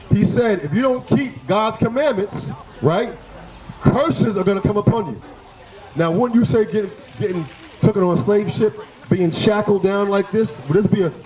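A man preaching on a city street, forceful and confrontational, firing rhetorical questions at passersby. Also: high voice, reverberant, rough recording. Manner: forceful, fires rhetorical questions, repeats "right?".

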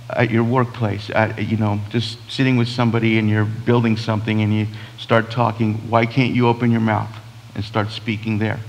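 A man's voice: mid-range voice, in a large hall, low-quality recording. A man, a pastor preaching a sermon in a conversational way, full of restarts and quoted asides. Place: church sanctuary.

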